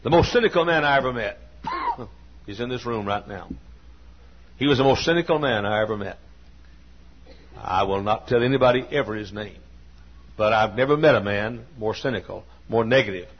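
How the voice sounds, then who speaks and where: A man's voice: medium pitch, huge pitch swings, moderate pace, long pauses, husky. A man in his sixties preaching a sermon in a church, telling personal stories in a folksy, earnest way with frequent restarts and coughs. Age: 60s. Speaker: pastor. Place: church sanctuary. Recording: dull lo-fi sermon recording.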